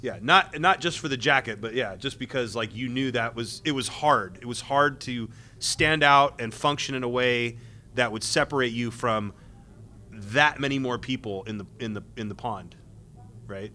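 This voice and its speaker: Bright-voiced man telling panel stories. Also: mid-range voice, a little hiss or hum. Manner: rambling, with many restarts and quick laughs. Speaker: former game tester on a panel. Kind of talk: convention panel talk.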